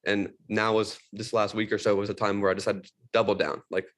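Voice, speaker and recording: Male panelist, brisk pace, low-ish voice, earnest explainer. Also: flat delivery. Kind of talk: virtual panel discussion.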